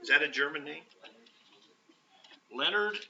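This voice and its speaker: Distant, bright-voiced male teacher in a classroom. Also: on the high side, animated, unhurried. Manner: conversational, checks in with "right?" often, many fillers. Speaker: math teacher. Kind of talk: classroom lecture. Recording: roomy, distant, dull classroom audio.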